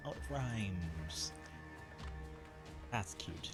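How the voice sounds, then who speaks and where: A man's voice: on the low side, animated, normal speed, pauses often, over music. A man streaming a game, chatting casually in a rambling, chuckly way. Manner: rambling, chuckly, with restarts and mild swearing. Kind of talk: casual gaming stream chat.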